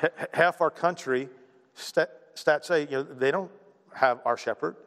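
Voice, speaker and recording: A middle-aged male pastor preaches in an easy, conversational way, tossing in "right?" and playing out little quoted voices. His voice sits a bit high for a man, and it rings with the long reverb of a church hall. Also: normal speed, a bit bright. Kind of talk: sermon.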